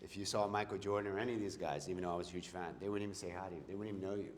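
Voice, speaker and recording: A man's voice: sits low, fairly even intonation, very fast, a little hiss or hum. A middle-aged man, a motivational speaker giving a live seminar talk, emphatic and throwing questions at his audience. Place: event hall with an audience. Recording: echoey hall with long reverb.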